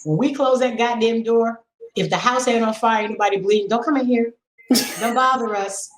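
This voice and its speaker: A middle-aged woman speaking as a podcast guest and sex educator, frank and animated, coaching listeners with a string of rhetorical questions. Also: fairly high pitch, normal speed, roomy sound, poor audio. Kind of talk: podcast conversation.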